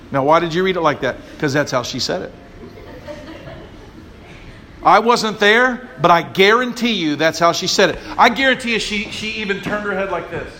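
A man with a notably high speaking voice delivers a sermon from the pulpit. He preaches emphatically and calls on the congregation to answer back. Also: animated, moderate pace, pushed and bright. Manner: call-and-response preaching, emphatic. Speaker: pastor.

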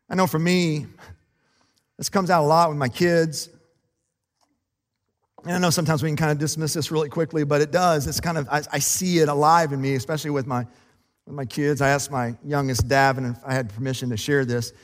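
A man who is a pastor, preaching a sermon in a relaxed, conversational and self-deprecating way, laughing often. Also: on the high side, brisk, in a large hall. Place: church sanctuary.

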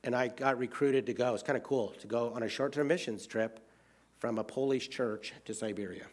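In a mid-range voice that moves a little fast, an American man shares a personal travel story, filling it with fillers. He alternates between bursts of excitement and softer, hushed passages.

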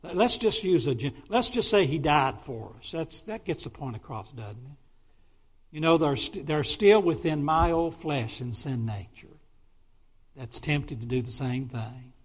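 Animated, higher-voiced preaching man. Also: unhurried, slightly rough. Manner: animated, with sudden excited outbursts and many restarts. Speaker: Baptist pastor. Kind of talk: sermon.

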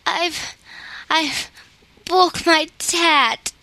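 A woman's voice: high voice, slow, bright, forceful tone, no room sound, voice pushed up, full character voice. A woman voicing a small little girl who talks in lisping baby talk, in a storybook reading. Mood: sobbing.

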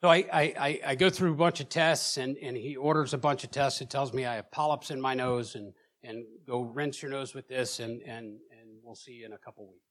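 A man preaching in a church, telling his own story with emotion, at times loud and at times hushed, often repeating words as he presses on. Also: medium pitch, steady tone, fairly quick, hardly any pauses. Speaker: preacher sharing a personal testimony. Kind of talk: sermon testimony.

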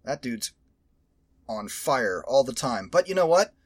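A man hosting a podcast in casual chat, rambling, animated and profane. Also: mid-range voice, a little slow, breathy edge, no room sound, clean studio sound. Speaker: podcast host.

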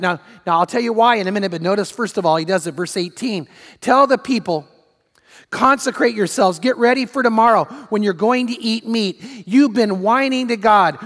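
A man with a high voice delivers a sermon from the pulpit. He preaches emphatically, repeating his main points and voicing the people he quotes. His words carry a long reverb through a large church hall. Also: fairly bright tone. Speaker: pastor.

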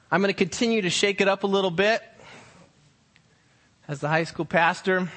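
Youth pastor, male, bright tone, acts out tones of a question mid-sermon. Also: high voice. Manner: rhetorical questions with slow, drawn-out pauses. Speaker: high school pastor.

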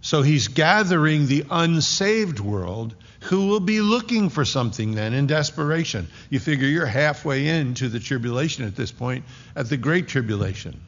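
Gravelly-voiced man preaching a sermon. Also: fairly high pitch, big pitch swings, moderate pace, long reverb tail, lo-fi sound. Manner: conversational preaching, sarcastic asides. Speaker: pastor.

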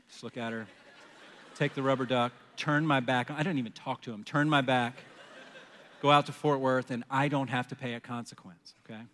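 A man in his forties preaching a sermon, telling a personal story in an animated way and acting out his own panicked phone call. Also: mid-range voice, normal speed, slight background noise. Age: 40s. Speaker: pastor. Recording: long hall reverb.

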